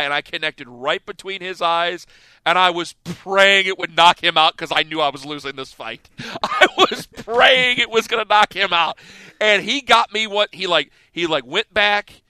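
A man in his thirties hosting sports radio, telling a story in a casual, animated way and acting out the scenes. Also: high voice, normal speed, clean tone, no room sound. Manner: animated, laughing storyteller who acts out scenes.

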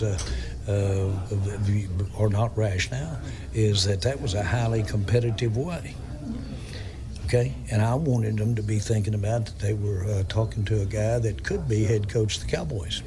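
A man who owns a team speaks haltingly, stopping and restarting with many fillers, in a slightly low voice. A crowd is clearly heard behind him. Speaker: team owner. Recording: clip with crowd noise.

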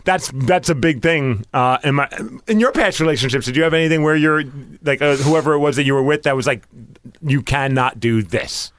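A middle-aged man co-hosting a radio show, telling stories in casual banter with quick, jokey asides. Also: a little high, a bit bright, smooth, no echo.

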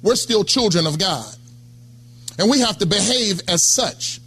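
A middle-aged pastor preaches in a high, bright voice. He talks to the congregation like a friend, checking in with them again and again. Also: lively intonation, a little slow, breathy edge. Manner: conversational preaching, calls out to congregation. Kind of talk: sermon.

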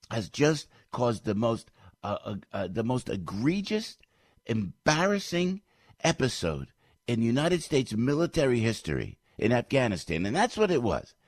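A middle-aged man, a stage comedian, delivering a heated political rant, indignant and repeating himself, his voice leaping up and getting loud when riled. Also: medium pitch, dry recording, clean studio sound. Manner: repeats phrases, restarts sentences.

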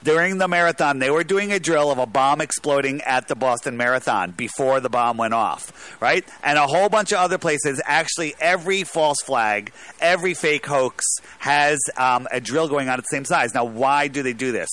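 A man's voice: mid-range voice, moderate pace, hardly any pauses, bright, forceful tone. A man calling in to a talk show, talking in a rambling, emphatic way with many restarts. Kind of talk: casual talk radio call.

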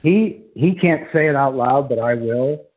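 A man's voice: mid-range voice, a little slow. A man calling in as a college football writer, giving emphatic, argumentative analysis on sports radio over a phone line.

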